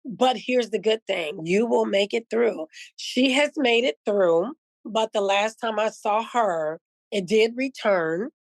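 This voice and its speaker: A woman's voice: on the high side, takes it slowly, no echo. A woman guest who owns a spice shop, telling heartfelt stories in a casual conversation and acting out the dialogue. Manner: earnest, heartfelt, acts out quoted dialogue.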